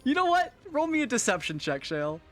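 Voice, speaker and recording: A man narrating as game master of a tabletop game, casual and animated with frequent fillers. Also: very high voice, brisk, soft background music.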